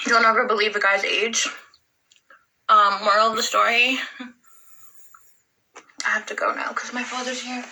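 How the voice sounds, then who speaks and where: A woman's voice: fairly high pitch, bright, forceful tone, a little hiss or hum, low-quality recording. A woman telling a rambling personal story in casual, profane talk, full of "like". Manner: rambling, profane, heavy use of "like".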